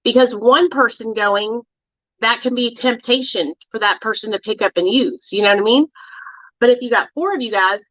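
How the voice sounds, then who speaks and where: A woman's voice: on the high side, normal speed, a bit bright, no room sound. Chatty woman hosting a livestream. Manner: chatty, addresses viewers, many fillers. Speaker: livestream host. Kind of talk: casual livestream chat. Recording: dull, dry lo-fi sound.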